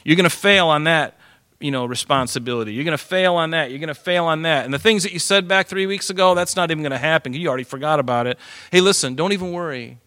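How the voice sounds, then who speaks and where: A man preaching a sermon, lively and animated, swinging from loud emphasis to hushed asides. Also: a little high, fast talker, dry recording, studio quality. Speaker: pastor.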